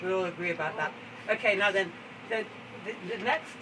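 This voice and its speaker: A fairly high-pitched man performs stories live in an outdoor garden, chatty and theatrical, with laughter never far away. He sounds set back from the mic, and steady background noise runs under his voice. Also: brisk. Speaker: storyteller. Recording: distant, noisy outdoor recording.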